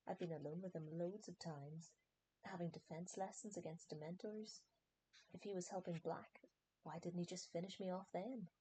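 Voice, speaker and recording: A woman's voice: fairly low pitch, fairly even intonation, moderate pace, slight background noise, close to an everyday voice, rough recording. A woman voicing a defiant teenage schoolboy in an audiobook reading. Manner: defiant, rising to yells.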